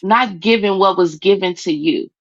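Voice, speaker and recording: A woman's voice: mid-range voice, normal speed, dry recording. A woman speaking emphatically and with plenty of profanity on a livestream chat, tearful as she talks over a video call. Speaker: guest. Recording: dull, dry call audio.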